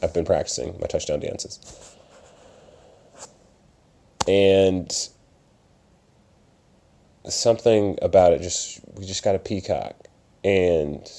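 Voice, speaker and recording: A young man with a low voice talks on his own late at night. His tone is mellow and dark. He rambles from topic to topic, drifts off on tangents and drops into quick mock voices. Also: creaky. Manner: rambling, self-distracted, slips into mock voices. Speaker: podcast host and open mic organizer. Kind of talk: casual solo talk. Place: upstairs room in his parents' house at night.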